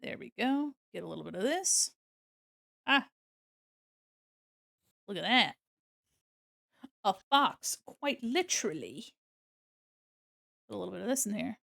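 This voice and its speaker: A woman's voice: medium pitch, sing-song, a little slow, vocal fry, pauses often, fairly bright tone, no room sound, clean studio sound. An American woman with a neutral General American accent, chatting casually with viewers while drawing on stream, rambling and laughing often. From United States. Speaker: art streamer.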